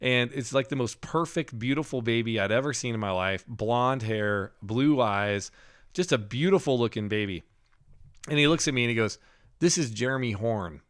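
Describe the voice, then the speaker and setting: A middle-aged man telling a personal story in loose, conversational podcast talk. His voice sits at an ordinary middle pitch, and he laughs often and breaks off into halting restarts as he goes. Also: a bit bright, smooth. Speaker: podcast co-host. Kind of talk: casual storytelling.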